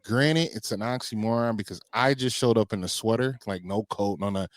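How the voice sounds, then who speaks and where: A man's voice: on the low side, brisk, no room sound, clean studio sound. A man co-hosting a podcast in easygoing casual chat, telling stories and asking his co-host questions.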